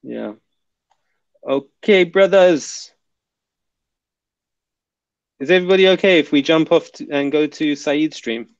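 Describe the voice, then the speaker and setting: A man's voice: a little high, takes it slowly, long pauses, no room sound, lo-fi sound. A man hosting a live stream, chatting casually and reading out viewer comments in a laid-back, joking way.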